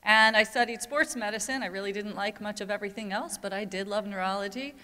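A woman with a medium-pitched, bright, forceful voice talks fast as she tells a personal story in a candid, conversational conference talk. She's a conference speaker and parent advocate, and the large hall gives the recording a long reverb.

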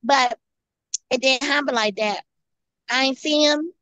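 A woman guest tells her own story in an earnest, halting way, looping back over phrases as she goes. Her voice sits a little high, and the recording is dry with no room sound. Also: sharp tone, no room sound. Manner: halting, repeats and restarts phrases. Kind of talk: personal testimony.

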